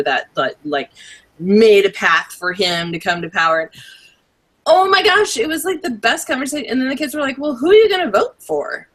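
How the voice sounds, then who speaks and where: A young adult woman co-hosting a podcast, chatting casually with animated, opinionated asides. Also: fairly low pitch. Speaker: podcast co-host. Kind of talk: casual chat.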